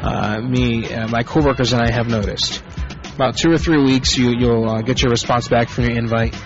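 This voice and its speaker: A man's voice: medium pitch, fairly even intonation, normal speed. Male host of a scrappy prank call show, loose and profane, lo-fi audio with music behind. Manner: profane, rambling, off-the-cuff. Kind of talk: casual live show banter. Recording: muffled lo-fi internet radio.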